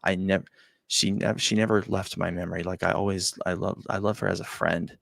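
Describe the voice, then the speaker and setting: A man hosting a talk show, telling a personal story in a halting, emotional way, often dropping to a quiet near-whisper and repeating his words. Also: deep voice, flat delivery, gravelly, no room sound. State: choked up. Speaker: show host.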